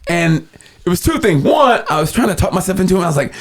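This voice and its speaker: A man's voice: sits high, quick pace, gravelly. A man, a comedian guest, telling stories in a casual chat, laughing often and acting out the voices of people in his stories. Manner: animated, laughing, acts out quoted voices.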